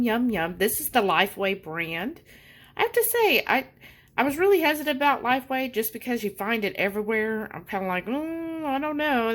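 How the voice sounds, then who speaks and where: A woman talking casually to her viewers in a vlog, full of fillers and y'alls. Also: fairly high pitch. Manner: chatty, lots of fillers, says y'all. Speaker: vlogger.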